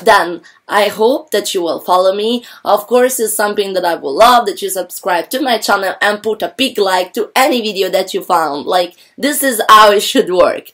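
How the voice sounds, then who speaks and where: A woman from Italy with an Italian accent, a channel host addressing viewers casually in English, rambling and chatty, her voice a bit rough. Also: mid-range voice, normal speed, hardly any pauses, fairly bright tone. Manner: chatty, rambling, with frequent fillers.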